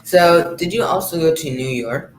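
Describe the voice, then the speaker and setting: A man's voice: on the high side, moderate pace, a little hiss or hum, poor audio. A man hosting a casual interview, asking brief, curious questions and reacting to the answers. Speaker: interview host.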